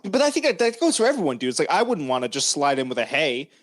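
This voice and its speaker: A young man hosting a casual comedy podcast, telling self-mocking stories in an animated way. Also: on the high side, very fast, dry recording, studio quality. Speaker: podcast host.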